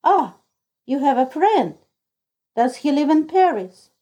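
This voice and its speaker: A woman's voice: sits high, very animated, takes it slowly, dark tone, pitched above the performer's own voice, heavily acted. A woman reader voicing a deaf, gossipy old female lodging-house keeper who exclaims dramatically, in a storybook reading. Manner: exclaiming, throws up her hands.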